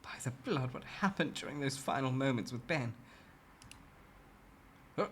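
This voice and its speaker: A streamer reading a story game aloud and reacting with loud, swearing outbursts. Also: medium pitch, expressive, unhurried, long pauses, breathy edge.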